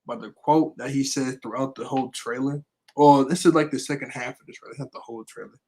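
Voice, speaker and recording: A man chatting casually in a fan review, rambling with many fillers and quick chuckles. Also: medium pitch, fairly even intonation, mellow, low-quality recording. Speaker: anime vlogger.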